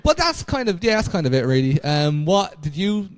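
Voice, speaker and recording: A man's voice: fairly high pitch, big pitch swings, normal speed, slight background noise. A man, co-hosting a podcast and telling rambling, self-mocking stories. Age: 20s. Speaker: podcast co-host. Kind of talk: casual chat.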